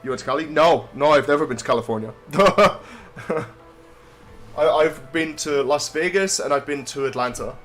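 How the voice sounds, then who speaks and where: A man's voice: a little high, normal speed, fairly bright tone. Scottish lad narrating his playthrough, chatty and rambling, faint music underneath. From Scotland. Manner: chatty, rambling, self-mocking. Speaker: let's play gamer. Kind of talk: casual gameplay commentary.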